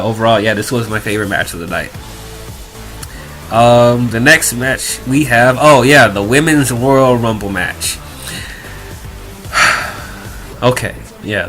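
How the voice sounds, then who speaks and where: A man's voice: mid-range voice, unhurried, long pauses, bright, forceful tone, soft background music. A young man giving a rambling, exasperated review, full of fillers and restarts. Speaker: wrestling reviewer. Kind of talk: casual review rant.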